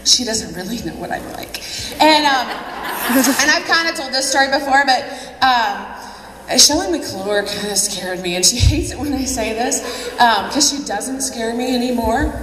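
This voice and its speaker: A woman's voice: on the high side, expressive, moderate pace, a crowd in the background. A woman telling her own story as a convention speaker, chatty, laughing and poking fun at herself. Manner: chatty, laughing, self-mocking. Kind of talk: personal story speech. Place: large convention hall. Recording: echoey hall, distant mic.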